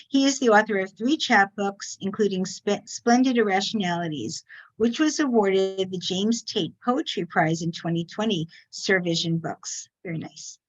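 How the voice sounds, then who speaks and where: Woman hosting a reading, halting. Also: medium pitch, muffled recording. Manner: warm, halting, with many fillers. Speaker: host of a reading series. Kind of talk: casual hosting and introductions.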